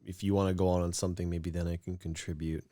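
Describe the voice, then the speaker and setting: Podcast co-host, male, lowish pitch, dry close sound, thinks aloud. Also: flat delivery, fast, warm tone, no echo. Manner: musing, self-deprecating, trails off and restarts. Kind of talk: casual chat.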